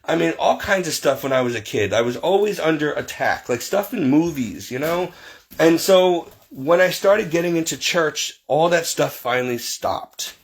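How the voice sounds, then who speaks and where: A man with a husky, slightly rough voice, pitched a little above the usual. He rambles through personal stories in a relaxed way and jumps up high when he quotes other people. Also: moderate pace. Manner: rambling, animated quoting of others. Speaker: storyteller recounting paranormal childhood. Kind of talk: casual storytelling.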